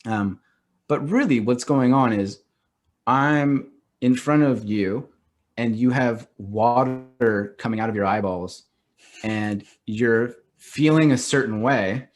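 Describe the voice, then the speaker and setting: A middle-aged man chatting as a guest on a podcast, his voice at an ordinary middle pitch. He talks animatedly and loosely, filling his sentences with "like" and dropping into quick acted-out quotes. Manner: animated, acts out quoted reactions, heavy use of "like". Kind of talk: casual podcast conversation.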